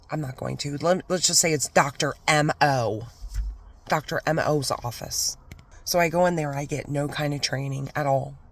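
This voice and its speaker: A woman vlogger rants her way through a storytime about a bad old job. She talks casually and heatedly, and drops now and then into whispered asides. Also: rumbling low. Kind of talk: storytime rant.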